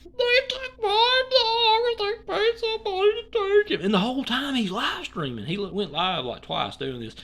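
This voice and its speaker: A speaker doing a mocking impression of a whiny man who fake-sobs and makes demands in a high, wailing, drawn-out voice. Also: lively intonation, fairly bright tone, exaggerated voice. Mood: fake sobbing.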